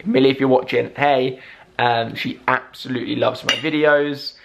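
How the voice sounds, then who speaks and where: A man's voice: medium pitch, fairly even intonation, moderate pace, creaky, noisy background. A young man in his twenties with a lisp from dental braces, chatting casually to camera in a rambling, friendly way. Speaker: vlogger. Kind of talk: casual vlog chat to camera.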